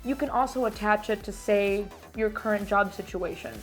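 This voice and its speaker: A young woman from Miami, vlogging casually about her year, animated and emphatic, dropping Spanish words and swearing. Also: medium pitch, normal speed, faint music behind. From Miami, United States. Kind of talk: casual year-end vlog.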